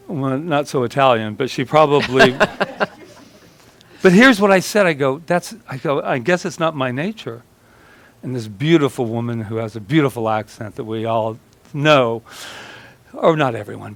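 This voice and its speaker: A man's voice: medium pitch, normal speed, fairly bright tone, dry recording. Storytelling man giving a sermon, dry sound. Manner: storytelling, acts out quoted voices; chatty, laughs with congregation. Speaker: minister.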